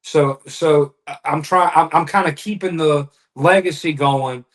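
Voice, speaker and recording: A man from around New Orleans, chatting as a podcast guest about playing music. He talks in a relaxed, rambling way and often lets his sentences fade into mumbles. His voice sits a little higher than most men's. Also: unhurried. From New Orleans area. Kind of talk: casual chat.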